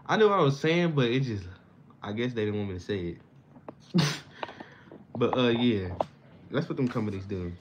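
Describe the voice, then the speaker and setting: A man's voice: medium pitch, lively intonation, normal speed, long pauses. Slangy, profane young man ranting. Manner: slangy, profane, rambling with sudden loud bursts. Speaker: vlogger. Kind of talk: casual unscripted rant. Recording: slightly dull lo-fi with faint hiss.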